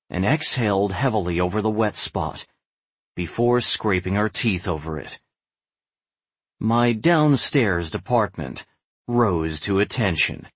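A man narrating a first-person romance story, dropping to a hushed, breathy tone for the dialogue. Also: lowish voice, dry recording. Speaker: audiobook narrator.

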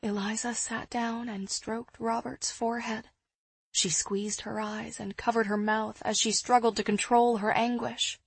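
A woman narrating an audiobook in the first person, in a measured, hushed storytelling manner. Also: a little high, little pitch movement, vocal fry, slightly rough, no room sound.

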